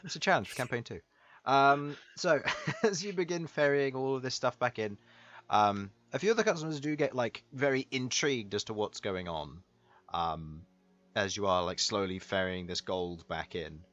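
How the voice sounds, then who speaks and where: A man's voice: medium pitch, normal speed, a bit bright, dull audio. A man narrating as game master of a tabletop game, rambling with many fillers.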